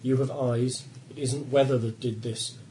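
Man doing a worried expedition leader, low urgent pleading, mellow dark tone, faint room hiss. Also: fairly even intonation, a little slow, close to an everyday voice. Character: worried middle-aged male expedition leader.

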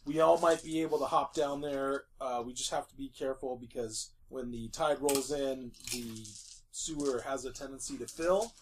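A man's voice: mid-range voice, moderate pace, slight background noise. A man playing a tabletop game, talking in hesitant, trailing sentences with lots of fillers. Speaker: player.

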